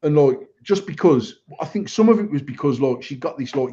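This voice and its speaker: A man's voice: fairly high pitch, expressive, a little fast, few pauses, darkish tone, slightly rough. An English man in his thirties or forties, telling a crude story in casual podcast chat, swearing constantly. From England. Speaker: podcast host. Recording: dull lo-fi recording.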